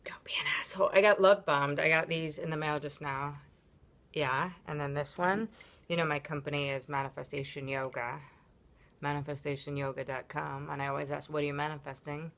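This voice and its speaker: Woman yoga teacher, low-pitched, for an off-the-cuff vlog; frank and rambling, swears casually, lots of ums. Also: steady tone, normal speed, a bit bright. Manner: candid, rambling, with frequent ums and profanity. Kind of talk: casual unscripted vlog monologue.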